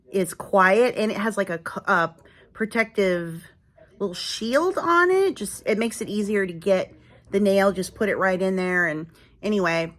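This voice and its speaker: A woman's voice: medium pitch, a bit bright. A middle-aged woman chats candidly to the camera in a loose vlog style. She rambles, stacking fillers and restarts as she talks things through. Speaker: vlogger. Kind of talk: casual personal vlog talk.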